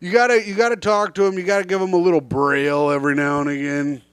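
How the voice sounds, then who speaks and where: A man's voice: high-pitched, flat delivery, fast talker. A man co-hosting a podcast, mocking his co-host with crude jokes and laughing at them himself. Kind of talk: casual crude banter.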